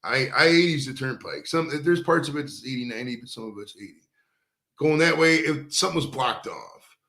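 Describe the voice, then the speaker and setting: A man's voice: medium pitch, expressive, a little fast, sharp tone, roomy sound. A man hosting a casual stoned chat, rambling at length and swearing, calling everyone dude. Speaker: host. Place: studio.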